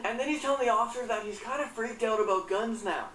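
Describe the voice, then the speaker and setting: A woman's voice: fairly high pitch, steady tone, fast, hardly any pauses, a bit bright, recorded from a distance. A woman recounting a news story and reacting with indignation and frequent swearing. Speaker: commentator. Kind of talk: reaction commentary. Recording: roomy echo, off-mic, faint hum.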